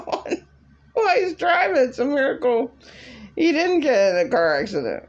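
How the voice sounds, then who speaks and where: A woman's voice: high-pitched, sing-song, measured pace, pauses often. A woman rambling through an agitated, repetitive rant to camera in a vlog. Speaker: vlogger.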